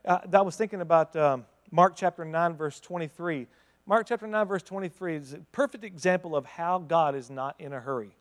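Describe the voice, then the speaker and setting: A man with a high-pitched voice preaches a dramatic sermon. He swings from fiery outbursts to hushed, intense asides and keeps throwing rhetorical questions at the congregation. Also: fairly quick, big-room sound. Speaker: pastor.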